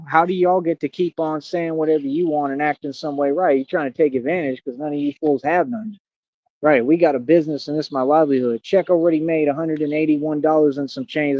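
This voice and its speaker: A man's voice: a little high, dry recording. A man in his thirties ranting on a livestream in a brash, boastful, confrontational way. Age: 30s. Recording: dull lo-fi dry sound.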